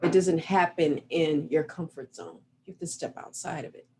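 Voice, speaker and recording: Earnest woman coach, lower voice. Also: normal speed, a little mellow, slightly rough. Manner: earnest, reflective, guiding listeners through an exercise. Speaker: relationship coach. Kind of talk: motivational talk. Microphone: video call. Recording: faint noise over a video call.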